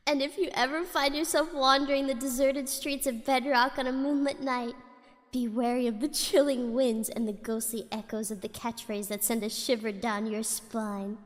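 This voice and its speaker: A woman's voice: a little high, fairly even intonation, moderate pace, long reverb tail. A woman streamer reading a spooky story aloud in a casual way, giggling often and breaking off to chat.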